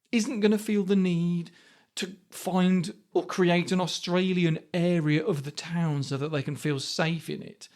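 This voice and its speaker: A man's voice: high voice, a little mellow. A man in his fifties hosting a podcast, talking through ideas and asking rhetorical questions. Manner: conversational, asks rhetorical questions. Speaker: podcast host. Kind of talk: reflective podcast monologue.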